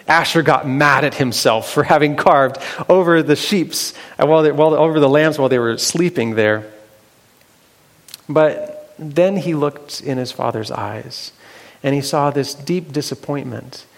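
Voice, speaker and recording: A man telling a Bible story aloud, unhurried and halting, with fillers and restarts. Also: mid-range voice, gravelly. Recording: long hall reverb.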